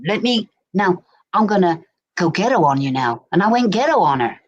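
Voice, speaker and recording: A woman's voice: on the low side, very animated, normal speed, dull audio. Middle-aged woman, berkshire english accent, chatty storytelling on a stream, keeps saying do you know what i mean. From England. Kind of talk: casual chat. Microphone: desk mic.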